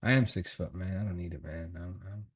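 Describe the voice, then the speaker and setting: This trading streamer is a deep-voiced man with a husky edge, talking fairly quickly in a loose, casual livestream chat about his chart analysis. He's slangy, swears, laughs a lot and thinks out loud, and the mic sits at a distance.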